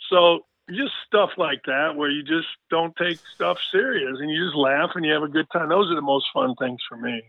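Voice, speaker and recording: An older man tells rambling, joking stories in a casual interview, his voice sitting a little high. He comes through a thin, tinny phone line with a dry, close sound. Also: normal speed, vocal fry, hardly any pauses, no room sound. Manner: joking, rambling storyteller with frequent restarts. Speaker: sports broadcaster guest.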